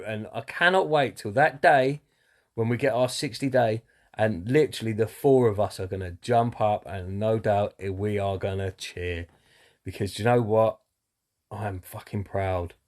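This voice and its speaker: A man talking openly about his recovery, earnest and candid, with many fillers and some swearing. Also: medium pitch. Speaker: person in recovery sharing his story. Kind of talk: personal talk to camera.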